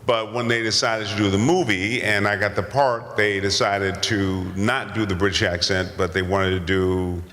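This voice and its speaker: An older actor telling stories at a convention Q&A, rambling and self-deprecating with many restarts. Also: male voice, on the low side, fairly even intonation, moderate pace, hardly any pauses, bright, forceful tone. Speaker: guest actor. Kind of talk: convention Q&A storytelling. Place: large convention hall. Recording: convention hall with long reverb.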